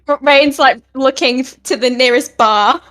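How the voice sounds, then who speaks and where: A woman's voice: sits high, a little slow, sharp tone, a little hiss or hum. A woman playing a tabletop role-playing game, speaking hesitantly and apologetically with many restarts. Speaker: player.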